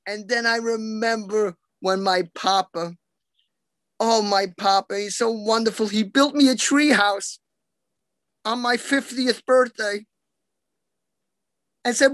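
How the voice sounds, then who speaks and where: A man from New York doing deadpan, self-mocking stand-up one-liners over a video call. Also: high voice, slow, pauses often, no room sound. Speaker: comedian.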